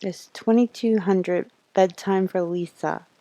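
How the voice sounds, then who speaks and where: Woman streamer reading game text aloud, unhurried pace, darker tone. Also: mid-range voice, steady tone, mellow, dry recording, low-quality recording. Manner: reads the text slowly, with asides and laughs.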